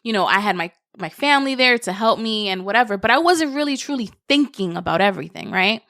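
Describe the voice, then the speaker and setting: A woman's voice: mid-range voice, expressive, fast, fairly bright tone, dry recording, studio quality. Reflective woman talking solo on a podcast. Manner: reflective, conversational, many "you know" fillers. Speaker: podcast host.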